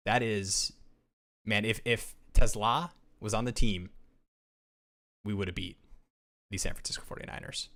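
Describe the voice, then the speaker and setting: Male live-stream co-host, low register, energetic and rambling. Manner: energetic, reads viewer comments aloud, many restarts. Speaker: podcast co-host. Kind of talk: casual livestream chat.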